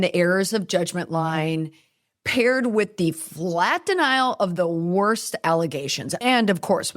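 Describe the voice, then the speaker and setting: A middle-aged woman hosting a commentary podcast, talking in a wry, chatty way with quick asides. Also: lowish voice. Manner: wry, chatty, laughs at her own asides. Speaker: podcast host.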